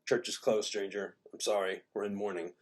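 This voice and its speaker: A man's voice: lowish voice, flat delivery, moderate pace, lightly acted. A man voicing a stern male guard who firmly turns a stranger away at a church door.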